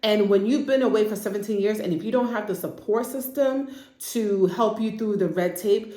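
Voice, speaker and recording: A woman therapist giving a casual, chatty recap of a TV drama, slipping into quick impressions of the characters. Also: mid-range voice, warm tone, roomy sound. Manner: chatty, acts out characters' lines in quick asides.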